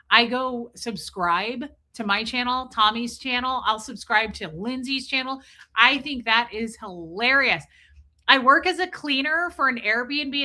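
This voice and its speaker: A woman streaming live in a casual, blunt way, with swearing sprinkled through her chat. Her voice sits a little high and sounds bright and forceful. She talks straight to her viewers and thanks them as she goes. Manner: blunt, profane, chatty, reads and thanks viewers' super chats. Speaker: livestream host. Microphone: streaming mic.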